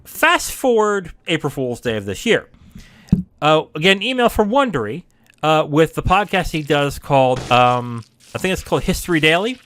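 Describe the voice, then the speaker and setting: Animated man hosting a gaming podcast. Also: fairly high pitch, moderate pace, no room sound. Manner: animated storytelling, swearing, laughing at himself. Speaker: podcast host. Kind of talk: casual chat.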